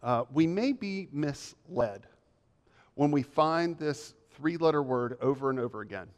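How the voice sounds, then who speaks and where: A male pastor delivers a measured, emphatic sermon full of repeated phrases. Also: fairly high pitch, animated. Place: church sanctuary. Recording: long reverb of a church hall.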